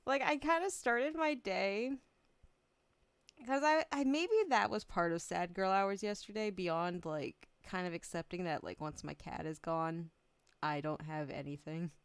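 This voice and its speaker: Slow, smooth-voiced emotional woman streamer. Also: lowish voice, dry recording. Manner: emotional, laughing often, casual swearing. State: close to tears. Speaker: VTuber streamer. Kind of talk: casual livestream chat.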